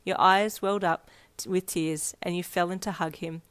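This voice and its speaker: A woman narrating a fanfiction story aloud in a steady storytelling read. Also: lowish voice, moderate pace, clean tone. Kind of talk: scripted narration.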